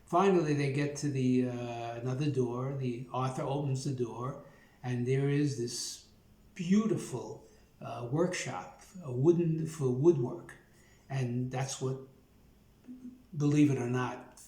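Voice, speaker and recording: An older man in his seventies with a Brooklyn accent tells his story in a rambling, folksy way, with plenty of "uh" and "you know". His voice is mellow and warm at an average pitch. A roomy echo surrounds him. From Brooklyn, New York. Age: 70s. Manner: rambling, folksy, with many fillers. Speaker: YouTube host. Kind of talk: personal storytelling.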